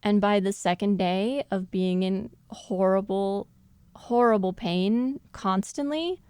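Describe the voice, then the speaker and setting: Smooth-voiced woman co-hosting a podcast. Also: medium pitch, slow pace, a little mellow, no echo. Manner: thoughtful, laughs often while explaining. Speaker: podcast co-host. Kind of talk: casual analytical chat.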